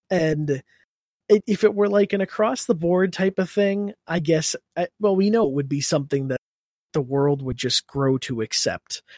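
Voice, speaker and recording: A man's voice: a little high, a little mellow, no echo, clean studio sound. A young man co-hosting a podcast in casual chat, rambling and laughing as he restarts his sentences. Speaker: podcast co-host.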